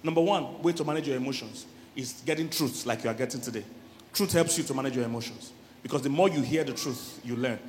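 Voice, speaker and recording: A middle-aged man, a relationship coach giving a lively church sermon on marriage, often laughing and acting out voices. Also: medium pitch, fast, in a large hall, a little hiss or hum. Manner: animated, laughing, acts out quoted voices.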